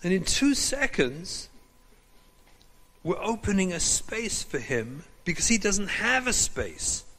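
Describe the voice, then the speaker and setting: Rabbi guy teaching, bright voice, swings his pitch around a lot, acts out the conversations, big echoey hall. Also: takes it slowly. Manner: animated, acts out dialogue from his stories. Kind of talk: lecture with storytelling.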